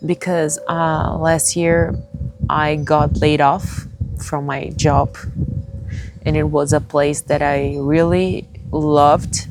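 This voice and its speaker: Slow, low, gravelly-voiced woman vlogger. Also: a little mellow, slight background noise. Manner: slow, halting, searching for English words. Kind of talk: personal confessional vlog.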